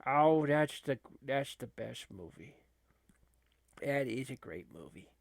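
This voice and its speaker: A man's voice: mid-range voice, expressive, takes it slowly, creaky, dry recording. A man casually commentating a wrestling video game as a channel host, rambling with many fillers and laughing between remarks. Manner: rambling, laughing, filler-heavy, lots of restarts.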